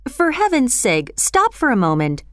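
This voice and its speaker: A woman's voice: on the high side, expressive, moderate pace, clean tone, dry recording, studio quality, natural voice. A woman voicing an earnest, honest male bookseller who speaks emphatically and insistently in a storybook reading.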